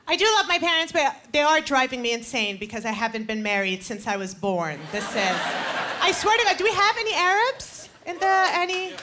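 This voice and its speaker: A woman's voice: high voice, fairly quick. A woman in her twenties performing stand-up comedy with punchy, playful crowd work on a live stage. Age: 20s. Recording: live stage mic over loud crowd noise.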